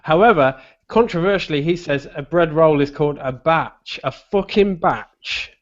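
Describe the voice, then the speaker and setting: A man's voice: on the high side, normal speed. A man with a Buckinghamshire accent co-hosting a stream, chatting casually and swearing freely as he tells jokey stories. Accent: Buckinghamshire English. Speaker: stream co-host. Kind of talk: casual chat. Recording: slightly muffled stream audio.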